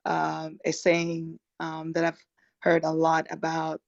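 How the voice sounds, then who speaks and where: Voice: mid-range voice, completely flat delivery, slow pace, vocal fry, no room sound, dull audio. A participant in an online audio room, sharing thoughts casually with many ums.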